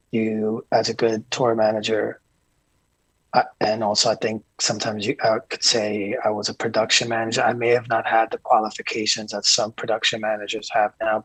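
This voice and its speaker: Gravelly, husky man telling road stories. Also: fairly low pitch, no room sound, low-quality recording. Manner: calm, earnest storytelling with many restarts. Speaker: guest, tour manager. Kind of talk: casual interview chat.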